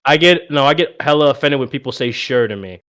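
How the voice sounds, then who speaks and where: A man's voice: on the high side, quick pace. A young man from Milwaukee co-hosting a podcast, chatting casually, swearing a lot and laughing often. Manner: profane, animated, laughs often. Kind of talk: casual chat.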